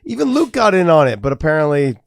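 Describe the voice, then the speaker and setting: A man co-hosting a podcast who talks quickly in chatty, easygoing banter and laughs often. His voice is recorded close and dry, with no room sound around it. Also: fairly high pitch, very animated, creaky, no echo. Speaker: podcast co-host. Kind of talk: casual chat.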